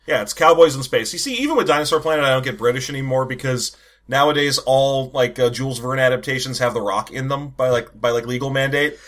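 A man's voice: mid-range voice, fast, fairly bright tone. A man co-hosting a comedy podcast about old games, chatting in a sarcastic, joking way and laughing often. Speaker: podcast co-host. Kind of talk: casual comedic chat.

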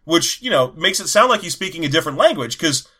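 A man's voice: a little high, sing-song, quick pace, pushed and bright. A man co-hosting a podcast, casually recapping film scenes and riffing with a co-host. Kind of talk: casual chat reviewing a film.

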